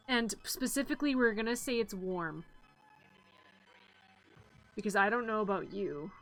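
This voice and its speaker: A playful woman streamer chatting through a live stream at an unhurried, easy pace, often breaking into giggles and drawn-out gushing sighs. Faint music plays behind her. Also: medium pitch, fairly bright tone, poor audio. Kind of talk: casual live-stream chat.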